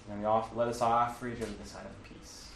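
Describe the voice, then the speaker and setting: Explaining the Mass in a relaxed, teacherly way, a man fills his talk with fillers and self-corrections. His voice is low-leaning, a bit bright, and fast, with little movement in pitch. The audio comes from a distance in a roomy space, carrying faint ambience and slight background noise.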